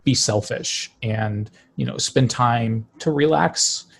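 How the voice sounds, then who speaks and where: A man hosting an interview podcast, talking in a relaxed, affirming way. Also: medium pitch, slow pace, creaky, husky. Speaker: podcast host. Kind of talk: casual interview chat.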